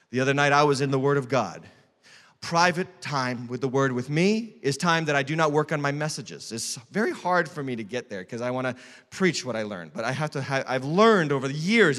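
Lead pastor, male, high bright voice, emphatic sermon delivery, big hall echo. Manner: emphatic preaching, swinging from loud to hushed. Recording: long hall reverb.

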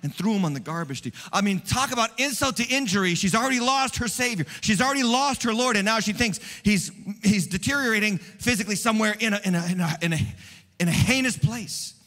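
A man preaching an Easter sermon as pastor, animated and swinging from hushed tones to loud ones. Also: high voice, quick pace, in a large hall. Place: church.

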